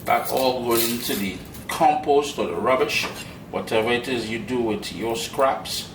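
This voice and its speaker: A man's voice: mid-range voice, a little slow, background noise. Caribbean guy showing a recipe, playful chatty asides, echoey kitchen, dishes clinking faintly. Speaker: cooking show host. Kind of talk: cooking demonstration. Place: home kitchen. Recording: echoey kitchen with utensil clatter. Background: clinking dishes and cutlery.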